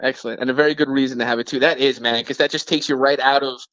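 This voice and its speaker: A man talks as a podcast guest over a muffled, dull phone line. He rambles and fills his sentences with "like" and "you know." His voice sits at a middle pitch and sounds dry, with no room echo. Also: fairly even intonation, rapid-fire, fairly bright tone. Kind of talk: casual phone conversation. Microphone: phone call.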